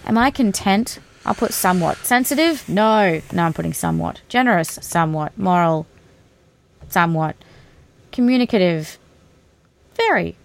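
A woman's voice: fairly low pitch, animated, normal speed, gravelly. A woman, chatting casually in a bubbly, talkative and teasing way. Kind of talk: casual chat.

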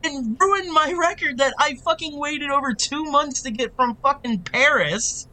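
A man's voice: extremely high pitch, sharp tone. A man, co-hosting a podcast and ranting angrily in casual chat with heavy swearing. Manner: angry, heavy swearing, quick storytelling. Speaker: podcast co-host. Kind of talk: casual profane rant.

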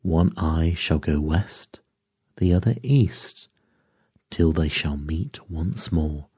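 A man reading a sleep story aloud in a slow, measured storytelling manner. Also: very deep voice, mellow, breathy edge, no room sound, clean studio sound. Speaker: narrator.

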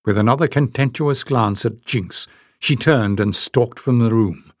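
A man narrating an audiobook in a measured, even way. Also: medium pitch, no echo, clean studio sound. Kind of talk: scripted narration.

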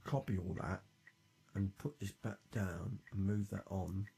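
A man's voice: low voice, steady tone, a little slow, creaky, a little hiss or hum. A man chatting casually to himself and his viewers while making music on a stream, rambling and swearing freely. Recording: loud guitar music playing behind.

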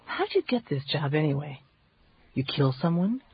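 An actress playing a stubborn, combative female lawyer in a radio drama, sharp and curt. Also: deep voice, very animated, moderate pace. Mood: hostile. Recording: dull lo-fi radio recording.

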